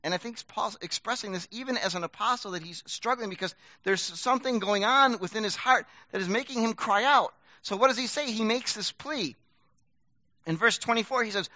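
A middle-aged pastor preaches a sermon in a conversational, self-deprecating style, swinging between loud bursts and hushed asides. His voice is high-pitched and a little fast, and the recording is muffled with no room sound.

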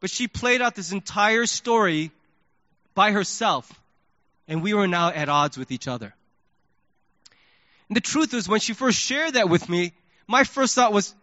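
A male pastor preaching a sermon, telling stories in an animated way and acting out his own thoughts. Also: sits high, moderate pace, long pauses, no room sound. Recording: dull lo-fi sermon recording.

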